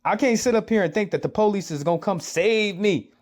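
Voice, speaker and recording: Man from the US, high voice, urgent sermon-like commentary, hammers the same point over and over. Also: a little fast. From United States. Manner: urgent, lecturing, repeats himself. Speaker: commentator reacting to a clip. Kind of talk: preachy social commentary.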